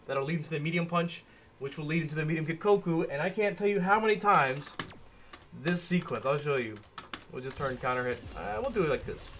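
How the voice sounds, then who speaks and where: A man's voice: fairly high pitch, a bit bright, slight background noise. A man giving a casual gameplay tutorial as a fighting game coach, talking conversationally and correcting himself as he demonstrates.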